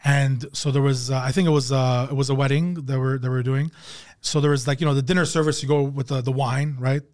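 A man's voice: medium pitch, flat delivery, fairly quick, darkish tone. A middle-aged man from Canada, a comedian hosting a casual podcast chat, rambling and swearing and laughing often.

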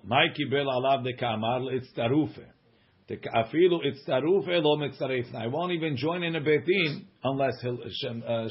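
A man's voice: mid-range voice, slightly rough, lo-fi sound. A man teaching a Gemara class, reading the text aloud and translating it with joking asides. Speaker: Talmud teacher.

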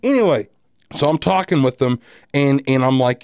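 A man hosting a podcast, telling a story in a casual, animated, profane and wry way. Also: medium pitch, normal speed, clear, resonant tone, no room sound, clean studio sound. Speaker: podcast host.

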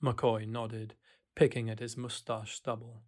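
A man reading literary fiction aloud, his narration quiet and dropped in level between the dialogue. He lingers over short descriptive fragments, slowing the pace and keeping a mid-range pitch. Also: little pitch movement. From Wales. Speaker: audiobook reader.

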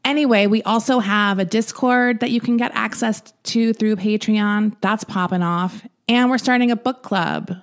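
A woman co-hosting a podcast in casual chat, rambling and giggly, her voice a little gruff from the morning. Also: mid-range voice, moderate pace, hardly any pauses. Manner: giggly, rambling, swears freely. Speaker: podcast co-host.

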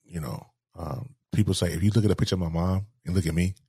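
A man with a low, husky voice talks slowly and haltingly, circling back over his words. The sound is close and dry. He speaks in a heartfelt interview. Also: dark tone, dry recording. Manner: halting, repeats words, grieving tone. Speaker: guest. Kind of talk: emotional interview storytelling.

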